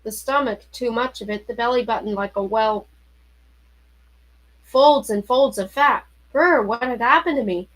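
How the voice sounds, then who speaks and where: A woman reading a novel aloud in an expressive way, with startled, anxious turns. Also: fairly high pitch, unhurried, poor audio. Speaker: reader.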